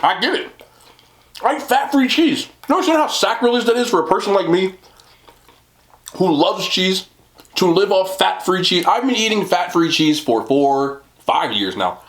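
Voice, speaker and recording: A man's voice: sits high, lively intonation, normal speed. A young man chatting casually on camera while he eats, laughing often and poking fun at himself. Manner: chatty and self-deprecating, laughs often, talks while eating. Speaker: mukbang vlogger. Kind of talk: casual eating vlog chat. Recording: roomy home recording.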